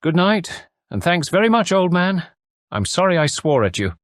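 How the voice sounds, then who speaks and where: A man's voice: high voice, big pitch swings, normal speed, no room sound, studio quality, pitched above the performer's own voice. A man voicing an anxious aristocratic new father in an audiobook, with clipped upper-class banter.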